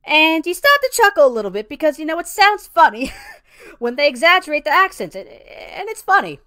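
A woman's voice: high voice, sing-song, a little fast, pushed and bright, dry recording, studio quality, exaggerated voice. A woman playing a brash, foul-mouthed female pizzeria boss who lectures trainees in a profane, rambling comedic monologue full of "you know" and calls the listener sweetie or honey.

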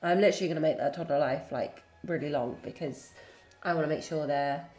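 A woman's voice: low voice, brisk, reverberant, faint music behind. A young woman gushing and cooing as she comments on a life-sim game she is playing. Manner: gushing, excitable, cooing baby talk. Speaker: gaming YouTuber. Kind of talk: let's-play commentary.

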